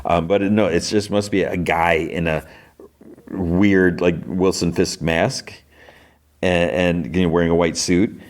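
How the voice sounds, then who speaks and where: A man hosting a podcast, casually recapping TV episodes in quick quoted bits, with fillers and restarts. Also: sits low, little pitch movement. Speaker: podcast host.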